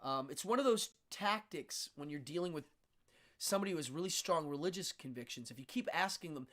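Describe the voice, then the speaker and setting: With a fairly high, somewhat bright voice, a Pennsylvania-born stage magician talks briskly and expressively on a relaxed livestream. He's chatty, responds to viewer comments, and laughs easily and often.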